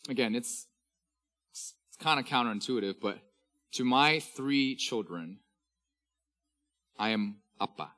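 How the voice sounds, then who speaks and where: A man in his thirties, a pastor preaching a sermon, reading scripture slowly and with emphasis. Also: medium pitch, lively intonation, bright, forceful tone, soft background music.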